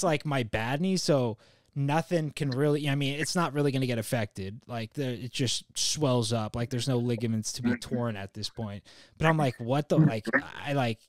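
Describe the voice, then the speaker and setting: A man's voice: mid-range voice, no echo, studio quality. A man hosting a podcast, telling a story in casual chat, rambling with many restarts, fillers and swearing. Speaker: podcast host.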